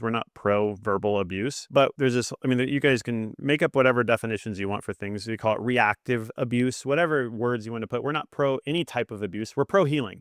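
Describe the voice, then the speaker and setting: A man's voice: medium pitch, a bit bright, dry recording, clean studio sound. A middle-aged man co-hosting a marriage podcast, speaking earnestly and acting out the lines of people in his stories. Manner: earnest, quick, acts out quoted dialogue. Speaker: podcast co-host. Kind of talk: candid marriage advice chat.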